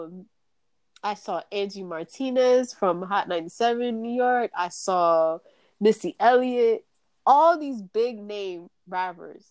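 Speaking slowly in a medium-pitched voice with no echo, a woman co-hosting a podcast shares a story casually. She acts out quotes, swears and laughs a lot.

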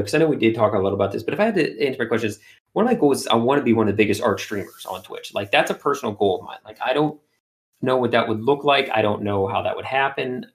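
A man, an art streamer, chatting in an interview and telling animated stories full of fillers. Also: medium pitch, vocal fry. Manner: animated storyteller, many fillers. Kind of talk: casual interview chat.

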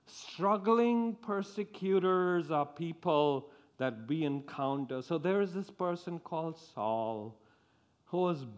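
Male preacher, high voice, unhurried sermon delivery with halting restarts. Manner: slow, with repeated restarts.

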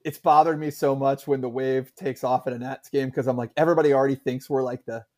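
A man's voice: mid-range voice, steady tone, quick pace, a little mellow. A man co-hosting a casual sports talk show, rambling with many fillers and restarts. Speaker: podcast co-host.

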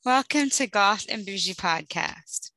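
A woman co-hosting a podcast in casual chat, tired and quick to laugh, swearing freely. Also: medium pitch, expressive, sharp tone, no room sound, low-quality recording. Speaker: podcast co-host.

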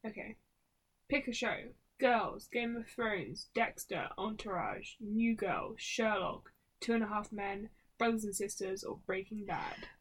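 A woman's voice: mid-range voice, a little slow. A young woman chatting casually and reading quiz options aloud in a playful way. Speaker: co-host. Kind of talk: casual chat doing online quizzes.

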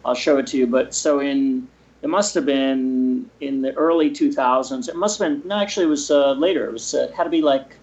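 A man hosting a casual chat, talking in a relaxed way and correcting himself as he goes. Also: mid-range voice, fairly quick, dull audio. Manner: relaxed, conversational, mid-sentence self-corrections.

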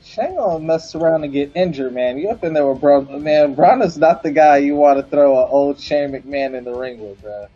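A man's voice: a little high, moderate pace, hardly any pauses, mellow, highs cut off, soft background music. A man co-hosting a casual wrestling chat, laid-back and ending lines with "man" and "bro". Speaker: wrestling podcast co-host.

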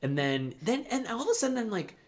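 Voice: medium pitch, big pitch swings, fast. A podcast co-host recapping a reality show in casual, sarcastic, ranting chat.

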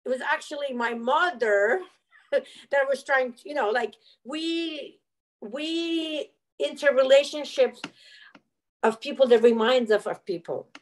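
High-voiced woman telling a personal story. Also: takes it slowly, rough recording. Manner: emotional, earnest, animated retelling of dialogue. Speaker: interview guest.

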